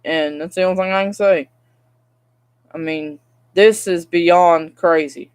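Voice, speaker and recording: A woman's voice: on the low side, fairly even intonation, measured pace, darkish tone. A young woman, vlogging and venting in a rambling, frustrated way straight to her viewers. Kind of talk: casual vlog rant.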